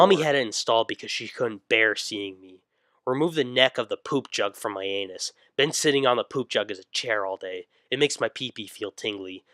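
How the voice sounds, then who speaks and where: A man narrating a comic internet greentext story, mostly deadpan but breaking into sudden yelled outbursts. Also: on the low side, dry recording.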